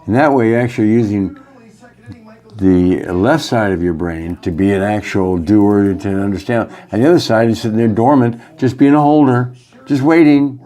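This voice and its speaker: A man giving a rambling spiritual talk as a yoga teacher, halting often and using many fillers. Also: on the low side, dark tone. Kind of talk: casual spiritual monologue.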